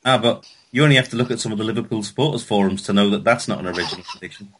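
A man's voice: lowish voice, rapid-fire, a bit bright, low-quality recording. A man on a football podcast panel with a dry, sarcastic manner. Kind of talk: casual football podcast chat. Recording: faint noise with clicks.

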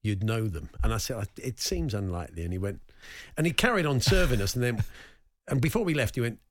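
Chatty English radio host, dry studio. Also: male voice, mid-range voice, sing-song, fast, no room sound. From England. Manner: chatty, storytelling, reads out listener messages. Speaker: radio sports show co-host. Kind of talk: casual radio chat.

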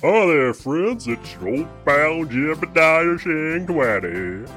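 A man's voice: a little high, very animated, slow pace, a bit bright, soft background music, full character voice. A man voicing a boastful, washed-up male country singer in a spoof radio advert, with folksy salesman patter. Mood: hammy pitch.

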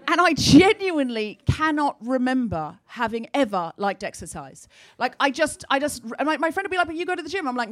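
A woman with a slightly higher voice tells a comic story into a stage microphone in a small live venue. She talks chattily, slipping into the voices of the people she quotes as she goes. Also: very animated, fast, few pauses. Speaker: comedy podcast co-host.

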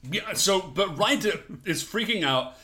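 A man with a high, bright voice talks casually as a podcast co-host, recapping an episode. His pitch swings widely as he acts out quotes and laughs along. The sound is crisp and forward. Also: animated, measured pace.

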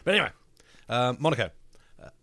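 A man co-hosting a casual sports chat, crude and jokey, rambling with many pauses. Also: medium pitch, very animated, bright, forceful tone, no room sound. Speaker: podcast co-host.

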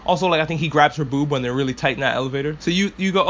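Profane, excitable fan podcaster, slightly raised pitch. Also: male voice, racing, few pauses, dull audio, a little hiss or hum. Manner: rambling, profane, enthusiastic fan. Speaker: podcast host. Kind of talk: casual anime discussion.

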